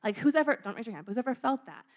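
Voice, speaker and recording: A young woman talks through a sermon in a loose, conversational way, tossing in "like" and playing out quick everyday exchanges. Her voice sits a bit high for a woman. She speaks in a church room. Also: animated, a little mellow. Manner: chatty, says "like" often, acts out little scenes. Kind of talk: casual sermon talk.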